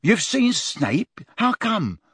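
An excitable teenage boy blurts out his lines in a high, startled rush, as a male narrator voices him. His pitch is pushed far above the narrator's own. The audiobook sound is dry. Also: takes it slowly, breathy edge, no room sound, exaggerated voice.

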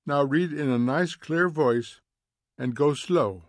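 A brittle, chattering housewife, cheerful on the surface and anxious underneath, as a male narrator puts her on. Her voice rises higher and sweeter, and the studio sound is dry. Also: slow, no echo. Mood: nervous bright. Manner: falsely bright, nervous.

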